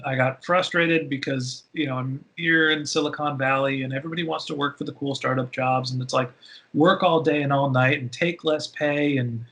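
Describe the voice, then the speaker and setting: Lebhafter Mann, hell und energisch. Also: male voice. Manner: animated storyteller with big pitch jumps. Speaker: podcast producer, guest. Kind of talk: casual storytelling interview.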